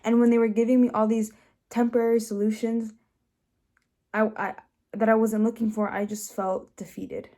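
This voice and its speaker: A young woman sharing a personal testimony, speaking emotionally with many restarts and fillers, dropping soft and rising louder. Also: flat delivery, normal speed. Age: young adult. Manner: swings between soft low passages and louder rises. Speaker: host.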